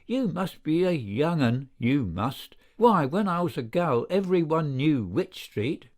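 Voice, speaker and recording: A male narrator voicing an older pub woman with a high, nasal, whining voice. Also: very animated, measured pace, darkish tone, full character voice. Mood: shrill.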